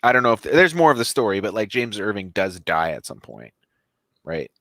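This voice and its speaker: Animated man telling a story. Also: on the low side, a little fast, dry recording. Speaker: podcast co-host. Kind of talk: casual podcast chat.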